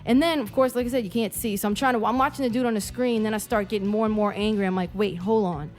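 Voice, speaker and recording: A woman in a casual podcast chat, telling stories in an animated, profane way. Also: mid-range voice, fast, soft background music.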